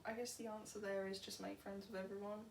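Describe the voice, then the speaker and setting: A young woman speaks in a dry, teasing way, often on the edge of a laugh. Her pitch is mid-range. She sounds set back from the mic in an echoey room, with a faint hiss underneath. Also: flat delivery, quick pace, gravelly. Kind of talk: casual chat. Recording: roomy, distant mic, faint noise.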